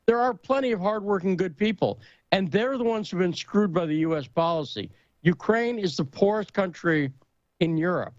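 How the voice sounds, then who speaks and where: A man in casual talk-show conversation, telling a story and joke with lively emphasis. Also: sits high, moderate pace, no echo, muffled recording.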